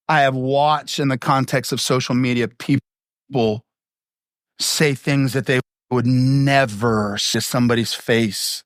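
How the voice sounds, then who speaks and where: A middle-aged male pastor preaching a sermon in a punchy, conversational way, full of rhetorical questions and quick asides. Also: extremely high pitch, a bit bright, no room sound, clean studio sound. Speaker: lead pastor.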